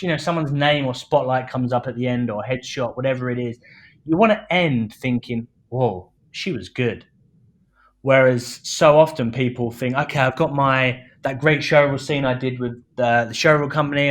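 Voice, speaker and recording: A man from London, a film director, talking casually as a podcast guest, full of "you know" fillers and acted-out quotes. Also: mid-range voice. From London, England. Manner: chatty, many fillers, acts out quoted speech.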